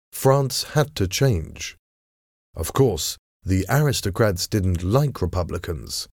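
A man narrating a story in a measured, even reading voice. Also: low voice, dry recording, studio quality.

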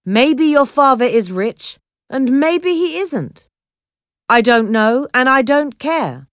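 A woman's voice: a little high, a bit bright, no room sound, studio quality, voice pushed up, full character voice. A woman voicing a firm, commanding fishing-boat captain in a storybook reading. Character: tough, stern fishing-boat captain, gruff older man.

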